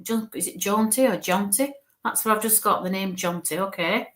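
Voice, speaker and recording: A woman giving a live mediumship reading in a mid-pitched voice. She chats and reassures as she goes. She thinks aloud, sprinkling in "okay" and "bless you" as she passes messages on. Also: steady tone, a little fast, a bit bright. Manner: thinks aloud while relaying spirit messages. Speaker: spirit medium.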